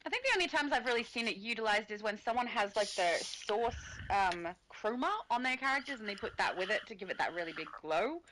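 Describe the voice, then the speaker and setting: A woman's voice: fairly high pitch, lively intonation, quick pace, few pauses, background noise. A woman with an Australian accent, co-hosting a live stream in casual chat, reading out viewers' messages and laughing often, with a slight cough. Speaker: stream co-host.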